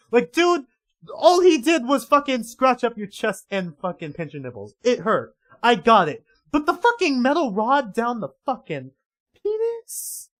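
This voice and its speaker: A man's voice: sits high, fairly bright tone. A man livestreaming casual reaction commentary, rambling and swearing heavily in an exasperated way.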